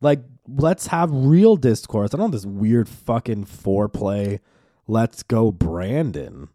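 A young man hosting a solo podcast, ranting in an animated, profane way full of fillers. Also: mid-range voice, measured pace, no echo, clean studio sound. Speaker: podcast host.

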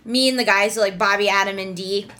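Bright-voiced woman chatting on a podcast. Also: mid-range voice, steady tone, fast talker. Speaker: podcast co-host. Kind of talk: casual chat.

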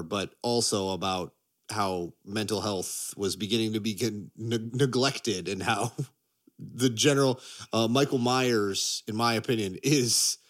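Man, casual podcast chat, excitable, ranting, laughs a lot. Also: on the low side. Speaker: podcast co-host.

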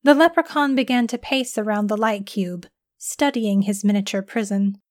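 A woman's voice: mid-range voice, moderate pace, darkish tone, no room sound. Woman narrating a story, dry close sound.

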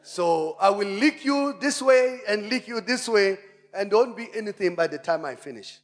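A man preaching, voicing a crafty male lion in a fable with a hushed, sly tone. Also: high-pitched, lively intonation, moderate pace. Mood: smug. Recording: church hall reverb.

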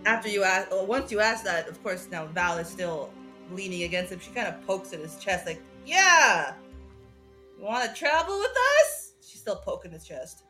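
A woman's voice: lowish voice, steady tone, brisk, pushed and bright, soft background music. A woman playing a tabletop role-playing game, playful and giggly as she voices her tipsy character. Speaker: player.

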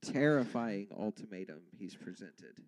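A man's voice: fairly low pitch, lively intonation, moderate pace. A man co-hosting a casual movie podcast, chiming in with short, wry remarks. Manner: brief agreeing interjections, wry. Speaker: podcast co-host. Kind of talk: casual movie review chat.

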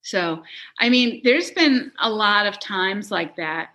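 Bright-voiced, slow-talking woman storyteller. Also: mid-range voice, lo-fi sound. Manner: animated storyteller, laughs often, quotes people. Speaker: guest, touring production manager. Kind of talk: casual interview chat.

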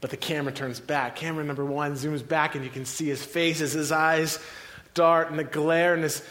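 A male preacher tells a scripture story as if it were a film, scene by scene. His voice sits high for a man, and he lingers on dramatic pauses. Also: flat delivery, a bit bright. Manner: vivid, cinematic retelling with dramatic pauses.

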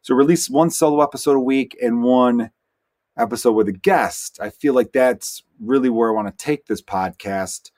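A man who is a stand-up comedian, hosting his own solo podcast and telling stories in a rambling, animated way with quick asides. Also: medium pitch. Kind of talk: casual solo podcast monologue.

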